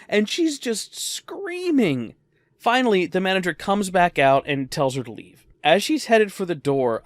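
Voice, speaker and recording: Male storyteller, conversational and wry, lively pitch, dry recording. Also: no room sound. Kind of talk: storytime narration.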